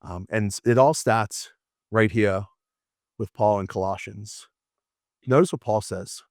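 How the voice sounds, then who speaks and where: Man, teacher, lively classroom talk, storytelling, quick restarts, dry sound. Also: lowish voice, dry recording. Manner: animated, storytelling, frequent restarts and laughs. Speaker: apologetics teacher. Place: classroom with students.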